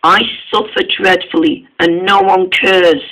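A man's voice: sits high, flat delivery, a little slow, sharp tone, low-quality recording. A man voicing a gloomy, self-pitying male steam engine, mournful and sighing.

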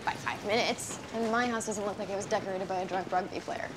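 A woman's voice: mid-range voice, quick pace, noisy background, close to an everyday voice. A woman playing an earnest young doctor. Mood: teasing. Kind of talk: TV drama acting.

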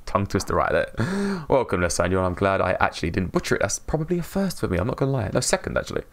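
Man, English accent, low voice, gravelly, chatty live streamer, upbeat. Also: sing-song, fast, few pauses. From England. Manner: chatty and upbeat, greets chat by name, laughs often. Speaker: game streamer. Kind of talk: casual live-stream chat while gaming.

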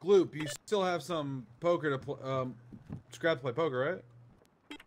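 A man's voice: a little high, a little hiss or hum. Swearing, reactive male gamer. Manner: loud, swears, quick reactions. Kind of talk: casual gaming chat.

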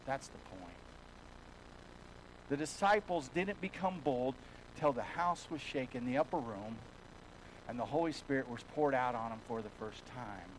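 A man preaching a sermon as a pastor in a church, telling a folksy story and swinging between hushed and loud passages. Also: medium pitch, normal speed, long pauses, a little hiss or hum, low-quality recording.

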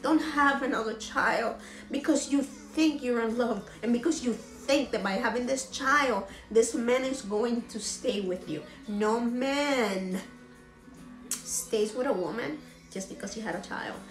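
A woman's voice: medium pitch, roomy sound. A woman vlogger giving an emotional motivational talk. She is earnest and preachy and repeats phrases for emphasis.

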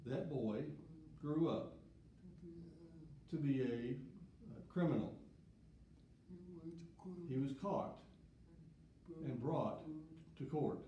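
A man from the South, giving a plain, deliberate devotional talk with short stories. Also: medium pitch, expressive, muffled recording, slight background noise. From Southern United States. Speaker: preacher. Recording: echoey room.

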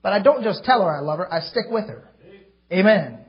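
A male pastor preaching a sermon emphatically, with sudden loud outbursts. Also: high voice, animated, a little fast, slightly rough, muffled recording. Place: church.

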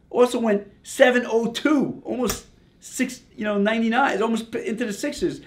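An older man telling a casual, animated story about his racing days, full of "you know" and "like". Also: extremely high pitch, moderate pace. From Long Island, New York. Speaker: retired drag racer telling a story.

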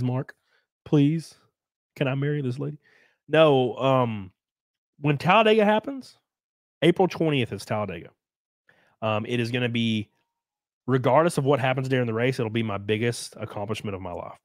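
A man with a medium-pitched voice, recorded dry, hosts a casual livestream from the United States while sick and congested. He reads viewer comments and chats loosely, swearing and trailing off mid-thought.

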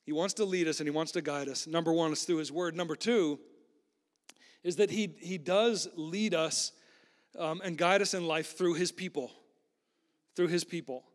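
High-voiced preacher in an echoing hall. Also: male voice, moderate pace. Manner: conversational, repeats words and restarts often. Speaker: pastor. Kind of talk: sermon. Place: church sanctuary. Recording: long hall reverb.

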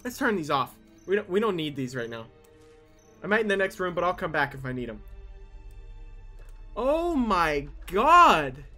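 A young man playing a video game and commenting casually, swearing often and yelling at the game. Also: a little high. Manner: animated, swears a lot, yells at the game. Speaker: gaming YouTuber. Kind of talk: casual let's-play commentary.

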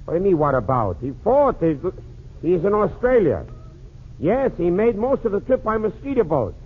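A man doing a one-sided comic phone call in a 1940s radio comedy monologue, patter quick and full of jokes. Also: high voice, very animated, husky. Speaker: comedian and emcee. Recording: tinny lo-fi 1940s radio transcription with faint hiss.

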